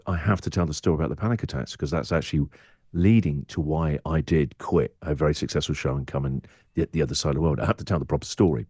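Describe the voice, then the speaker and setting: Man, English accent, very low voice, reflective, dry studio sound. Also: a little mellow, no room sound. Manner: reflective, acts out his inner voice in quoted asides. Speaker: radio presenter and guest. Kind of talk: candid podcast interview.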